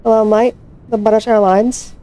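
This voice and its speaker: A woman's voice: fairly high pitch, little pitch movement, moderate pace, mellow. A woman casually commenting to herself while playing a flight simulator, swearing freely as she hunts for her plane. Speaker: flight sim streamer.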